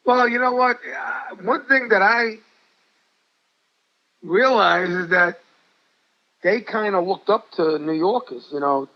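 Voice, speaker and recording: Older New York guy, chatty storyteller, high-ish voice, dull lo-fi sound. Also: slow pace, long pauses. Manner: rambling, chatty, repeats himself. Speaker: guest, former ballplayer and coach. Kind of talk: interview storytelling. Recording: dull lo-fi audio.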